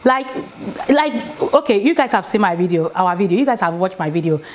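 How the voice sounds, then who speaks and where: Woman, casual vlog advice, mid pitch, repetitive, emphatic. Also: expressive, brisk. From Nigeria. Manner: chatty, repetitive, emphatic, asks "okay?". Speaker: vlogger. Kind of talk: casual relationship advice talk. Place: home, indoors.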